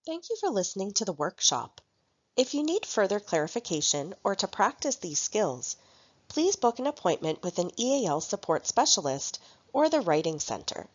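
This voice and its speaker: Woman, workshop narrator, lively pitch, dry dull-sounding recording. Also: moderate pace, dry recording. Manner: clear, careful teaching voice reading example phrases. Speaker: language support instructor.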